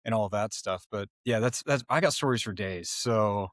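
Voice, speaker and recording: Man guest, lively rambling anecdotes, dry studio sound. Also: on the low side, normal speed, no echo. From Oklahoma, US. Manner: animated, self-interrupting, laughs through stories. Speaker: animal chiropractor guest. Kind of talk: casual storytelling interview.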